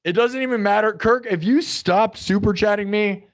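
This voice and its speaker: The host of an improvised music livestream, a man with a high voice talking at normal speed, reads comments from viewers aloud. His chat with them is loose and heavy on "like" and "dude."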